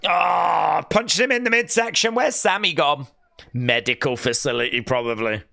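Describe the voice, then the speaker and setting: Bright-voiced man reacting live. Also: fairly high pitch, normal speed, gravelly. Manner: excitable, reacts loudly and reads out viewer chat. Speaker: livestream host. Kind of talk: live watch-along reaction commentary.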